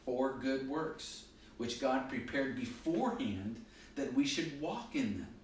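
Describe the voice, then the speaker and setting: A man preaching a sermon as a pastor, swinging between loud emphatic lines and quiet asides. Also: medium pitch, lively intonation, takes it slowly, a little hiss or hum. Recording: echoey hall, voice from far off.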